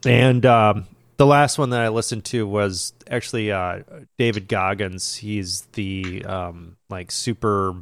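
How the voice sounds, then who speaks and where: A man's voice: fairly low pitch, a little slow, vocal fry, no room sound. A man co-hosting a podcast in a casual chat, rambling along with lots of fillers. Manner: rambling, relaxed, filler-heavy. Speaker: podcast co-host.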